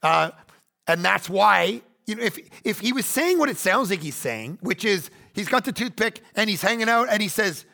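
A man in his forties preaching a sermon, animated, swinging between loud bursts and hushed asides. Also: high-pitched, moderate pace, gravelly. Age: 40s. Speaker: pastor.

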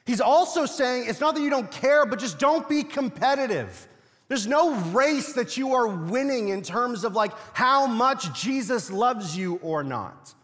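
Young guy preaching, pretty high voice, jokey chatty storyteller, big echoey hall. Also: expressive, a little slow, hardly any pauses, a bit bright. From Latino family. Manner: conversational, humorous storytelling preacher. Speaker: pastor. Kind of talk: sermon.

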